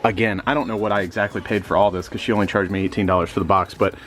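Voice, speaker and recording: A young man from Missouri, a reseller vlogger, rambling casually with lots of fillers and sudden jumps up in pitch, a bit sleepy. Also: fairly even intonation, very fast, fairly bright tone, faint music behind. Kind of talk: casual chat.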